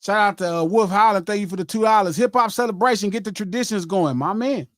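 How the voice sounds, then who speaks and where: A man hosts a live stream in a loose, joking way, rattling off shout-outs between bits of banter. His voice sits high for a man, and it sounds close and dry. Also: fast talker, dry recording. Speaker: host.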